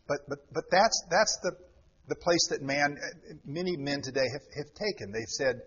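A man's voice: a little high, animated, moderate pace, a bit bright, breathy edge. A man preaching a sermon dramatically, repeating words for emphasis, recorded in a church. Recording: dull lo-fi sound with long hall reverb.

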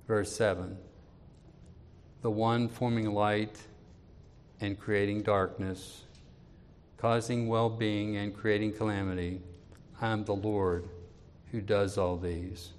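A man preaching an expository sermon, reading scripture aloud with more force and dropping low and quiet when he appeals to his listeners. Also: little pitch movement, takes it slowly, pauses often, big-room sound, a little hiss or hum. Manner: reads scripture louder, drops low and quiet for personal appeals.

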